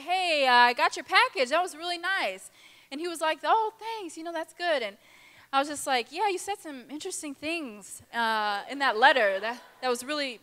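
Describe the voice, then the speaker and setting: A young woman speaking at a girls' conference, telling a lively personal story and acting out the people in it. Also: high-pitched. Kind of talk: testimony talk to a youth audience. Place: large conference hall. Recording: reverberant hall.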